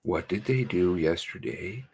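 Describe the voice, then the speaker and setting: A man hosting his own channel, reading out a news release in a furious, swearing rant that swings from shouts to hushed mutters. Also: low voice, animated, measured pace, a little hiss or hum. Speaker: channel host.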